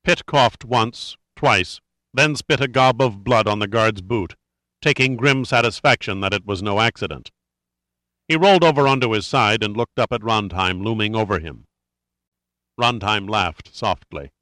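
Male narrator for a gritty thriller read, steady and measured, sharp clear tone. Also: on the low side, no echo. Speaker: audiobook narrator. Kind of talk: dramatic audiobook narration.

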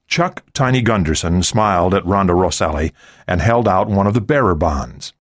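A man narrating a thriller audiobook in an expressive storytelling style. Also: deep voice, normal speed, no room sound, clean studio sound. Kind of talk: scripted narration.

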